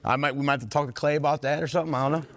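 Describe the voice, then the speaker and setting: A man's voice: a little high, steady tone, rapid-fire, crowd noise, noisy background. A man giving an earnest, plain-spoken talk at a recovery workshop, folksy and blunt with some cursing. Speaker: workshop speaker in recovery fellowship. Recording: long hall reverb.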